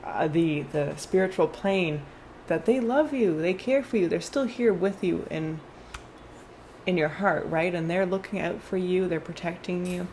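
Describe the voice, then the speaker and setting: A woman's voice: on the low side, measured pace, a little mellow, a little hiss or hum. Chatty woman giving a tarot reading. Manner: chatty, rambling, with frequent fillers and restarts. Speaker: tarot card reader. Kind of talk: casual tarot reading vlog.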